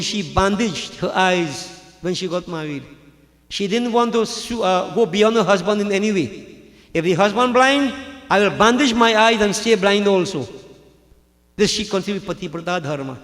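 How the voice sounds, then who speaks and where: High-voiced preacher in a reverberant hall. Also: male voice. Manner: dramatic storyteller acting out scripture characters. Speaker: pandit preacher. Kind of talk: sermon storytelling. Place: large hall at a religious gathering.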